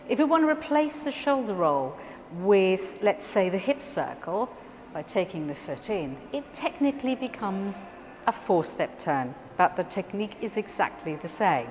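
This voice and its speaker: A woman teaching a dance technique class, calmly explaining steps one at a time and counting the beats aloud. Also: mid-range voice, normal speed. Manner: calm step-by-step instruction, counting beats aloud. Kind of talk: instructional dance lesson. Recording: distant voice in a long-reverb room with faint background noise.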